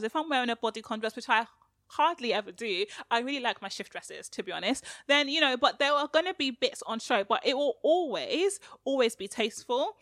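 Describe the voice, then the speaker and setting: A woman's voice: a little high, a bit bright, no echo, studio quality. A woman co-hosting a podcast, talking frankly and animatedly with slang and frequent laughter. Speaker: podcast co-host. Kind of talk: candid casual podcast chat.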